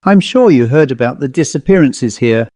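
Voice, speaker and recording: A man voicing a jovial, eccentric elderly English gentleman who speaks in a genteel, old-fashioned, chatty way with an English accent. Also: medium pitch, expressive, moderate pace, no echo, lightly acted. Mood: genial.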